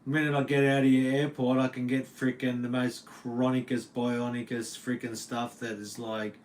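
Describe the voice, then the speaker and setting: A man's voice: medium pitch, level tone, normal speed, darkish tone, a little hiss or hum. A middle-aged man with an Australian accent, chatting casually and profanely on a livestream as a metal guitar teacher at home. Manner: laid-back, slangy and profane.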